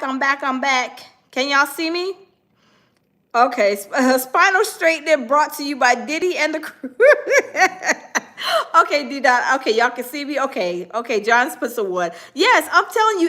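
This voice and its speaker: A woman with a high voice hosts a casual gossip live stream. She reads out viewer comments and reacts in an animated way, repeating phrases for emphasis.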